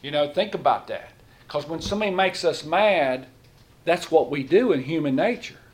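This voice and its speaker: Folksy, higher-voiced man preaching. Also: animated, normal speed. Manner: folksy, asks the room questions; speaks in plain, informal grammar. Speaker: lay preacher. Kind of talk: conversational sermon.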